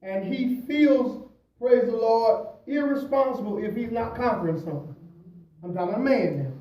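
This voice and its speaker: A man, a pastor, preaching at a Bible study, swinging between loud emphasis and quiet asides, often adding "praise the Lord" and "hallelujah". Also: very high-pitched, moderate pace, highs cut off. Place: church. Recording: echoey church from a distant mic.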